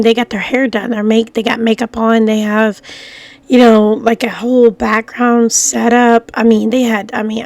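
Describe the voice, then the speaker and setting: A woman's voice: a little high, creaky, a little mellow. A middle-aged woman with a groggy voice after coughing, chatting casually to her viewers in a rambling way, full of fillers and restarts. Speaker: vlogger. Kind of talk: casual rambling talk to camera.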